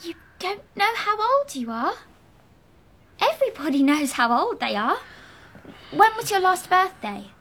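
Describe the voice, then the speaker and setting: A woman's voice: very high-pitched, very animated, a little slow, long pauses, fairly bright tone, full character voice. A woman playing a startled teenage girl who fires off indignant questions. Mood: puzzled.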